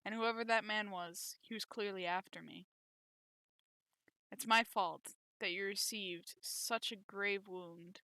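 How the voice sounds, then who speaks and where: A woman reading aloud as a gentle young princess, soft and concerned. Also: medium pitch, steady tone, slow pace, dry recording.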